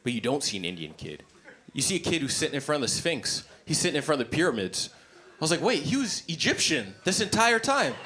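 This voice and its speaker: A man doing a stand-up comedy set in a club, blunt, profane and animated. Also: mid-range voice, fast. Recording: live comedy club, noisy ambience.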